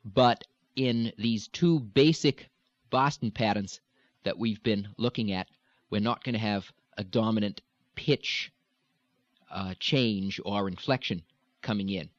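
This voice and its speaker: A man teaching a recorded accent lesson as a dialect coach, explaining in a measured way and demonstrating sounds. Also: on the low side, dry recording. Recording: dull, dry, lo-fi recording.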